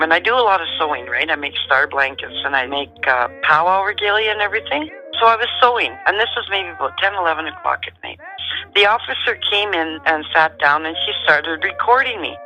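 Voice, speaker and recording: A middle-aged woman, calmly and matter-of-factly telling a personal story as a guest. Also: deep voice, rough recording. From Canada. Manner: calm, matter-of-fact storyteller.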